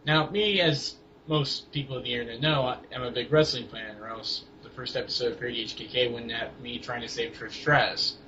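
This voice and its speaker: A man's voice: mid-range voice, steady tone, bright, forceful tone. Rambling young man, lo-fi recording. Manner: rambling, halting with many fillers and restarts. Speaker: co-host of a wrestling blog. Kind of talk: casual chat about wrestling. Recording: dull lo-fi home recording with faint hiss.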